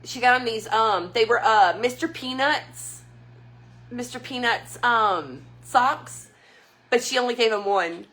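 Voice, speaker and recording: Chatting with her viewers, this livestream host tells stories and laughs often in a casual stream. She speaks at a measured pace in a fairly high, somewhat bright voice.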